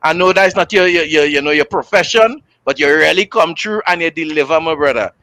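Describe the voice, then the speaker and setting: A young man with a Trinidadian accent, hosting a casual aftershow chat with animated, joking talk full of local slang. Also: fairly high pitch, fairly quick, no echo. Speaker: host.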